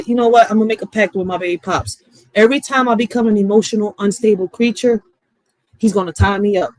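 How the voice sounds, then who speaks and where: A woman's voice: medium pitch, a little mellow, no room sound, poor audio. A woman in her thirties chatting casually on a live stream, candid and rambling, often swearing and asking "right?". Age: 30s.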